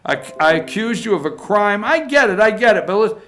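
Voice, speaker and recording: A man's voice: high voice, sing-song, a little fast, fairly bright tone. Emphatic man with a raised voice. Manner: emphatic, repeats points, tags lines with "okay?". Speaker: political commentator. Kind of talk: opinion monologue.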